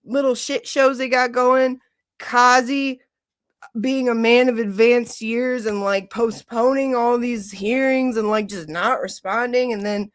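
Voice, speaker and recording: A woman from Michigan hosting a livestream, chatting casually and ranting with lots of "like" and swearing. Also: a little high. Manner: animated, ranting, heavy use of "like", swearing. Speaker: livestream host.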